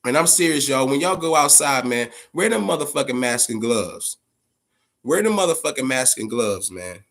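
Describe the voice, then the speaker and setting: A man's voice: medium pitch, lively intonation, normal speed, vocal fry, fairly bright tone. A man hosting a casual live-stream chat, swearing freely, repeating himself for emphasis and talking straight to his viewers. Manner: profane and rambling, addresses viewers directly.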